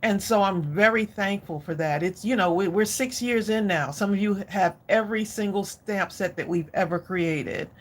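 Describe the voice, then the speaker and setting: A middle-aged woman with a mid-range voice hosts a crafting livestream, talking at a normal speed with few pauses. She chats effusively and directly with her viewers in a casual way.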